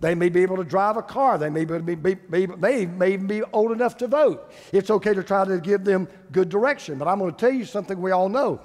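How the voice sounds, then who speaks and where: A man's voice: high voice, brisk, hardly any pauses, a little mellow. An older man preaching a sermon as pastor, emphatic, repeating phrases for stress. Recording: long hall reverb.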